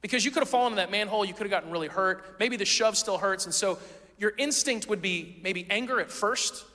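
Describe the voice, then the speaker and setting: A man's voice: sits high, quick pace, sharp tone, in a large hall. A man preaching a sermon as pastor, in a casual, conversational way full of rhetorical questions.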